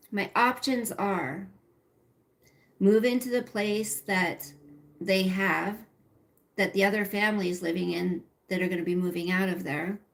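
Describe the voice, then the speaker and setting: A woman's voice: medium pitch, gravelly. A middle-aged woman hosting a casual livestream, rambling and chatty as she talks to viewers by name and reads their comments. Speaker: livestream host.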